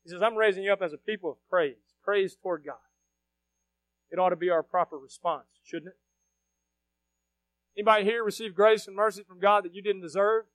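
A fiery preacher man with a very high, bright voice, preaching a sermon in a church. He moves between loud shouted bursts and low, quiet asides, and the sound is close and dry. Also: brisk, long pauses, no echo. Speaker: pastor. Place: church sanctuary.

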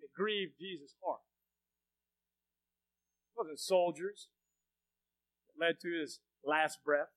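Male pastor, bright and forceful tone; preaches with big swings from quiet to shouting, questions the congregation. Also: on the high side, takes it slowly, pauses often, poor audio. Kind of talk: sermon.

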